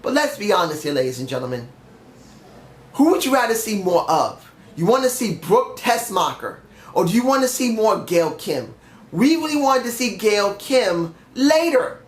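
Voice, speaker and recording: A young man's high, sing-song voice carries at a moderate pace through a reverberant space. He's feeling sick but still delivers a solo, opinionated wrestling show review, ranting bluntly and swearing a bit.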